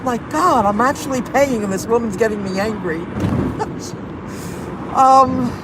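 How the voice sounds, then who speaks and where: A woman's voice: fairly high pitch, a little slow. A woman rideshare driver chatting casually to her viewers, telling an indignant story and reading out their comments. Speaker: rideshare and delivery driver vlogger. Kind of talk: casual venting chat to viewers. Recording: noisy car and street background.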